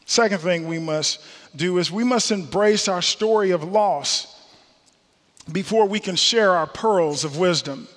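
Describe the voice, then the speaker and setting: An earnest middle-aged man preaches a sermon in a notably high voice and returns to his key phrases for emphasis. His words ring out with the long reverb of a large hall. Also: a little slow, a bit bright. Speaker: preacher, former football player. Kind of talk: sermon with personal story.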